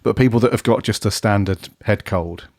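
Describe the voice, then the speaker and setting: A man with a head cold chats on a fan podcast, his voice low and croaky. The sound is dry and close, with no room in it. He talks casually and keeps calling his co-host "mate". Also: fairly quick, a little mellow, dry recording. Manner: chatty, says "mate" a lot. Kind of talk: casual chat.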